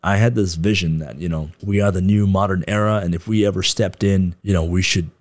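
A man in his thirties talks casually as a podcast guest, with a lowish voice. He jokes often, laughs along and acts out quoted people. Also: fairly even intonation, fairly quick, dry recording. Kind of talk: casual chat.

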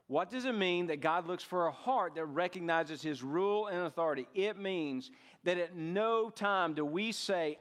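A man's voice: high-pitched, moderate pace, a bit bright. Preaching man in a reverberant hall. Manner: preaching, rising and dropping for emphasis. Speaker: pastor. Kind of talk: sermon.

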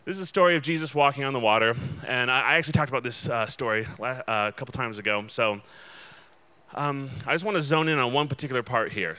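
Bright, clear-voiced man preaching casually. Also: medium pitch. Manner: casual and chatty, many fillers and restarts, checks in with the audience. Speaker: pastor. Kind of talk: conversational sermon.

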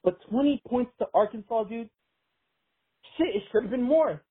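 A young man rants down a tinny phone line, choked up and rambling, with "dude" every few words. His voice is husky and worn. The call sounds thin and boxy. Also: extremely high pitch, lively intonation, moderate pace. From Texas. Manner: rambling, profane, says "dude" constantly. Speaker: caller. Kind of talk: emotional call-in rant.

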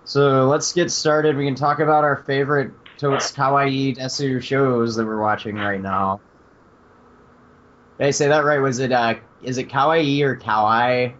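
A man's voice: mid-range voice, fairly even intonation, moderate pace, a bit bright. A man hosting a podcast, talking loosely and laughing often, with lots of fillers. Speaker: podcast host. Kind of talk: casual chat. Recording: dull lo-fi podcast audio.

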